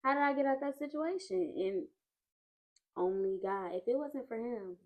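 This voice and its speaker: A woman's voice: on the high side, animated, normal speed, narrow, tinny audio. A young woman guest on a faith podcast, talking earnestly and with feeling in a casual chat. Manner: earnest, emotional about faith.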